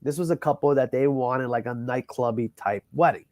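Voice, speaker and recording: Animated, profane male wedding DJ storyteller. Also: medium pitch, fairly quick, dry recording, studio quality. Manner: animated, profane, says "bro" and "like" a lot. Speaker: wedding DJ guest. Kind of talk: casual storytelling chat.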